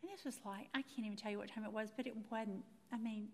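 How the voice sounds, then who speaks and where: A Christian speaker gives a personal testimony talk, telling her faith story in an animated way and acting out the voices and quotes in it. Her voice is fairly high and fast, with a big-room sound.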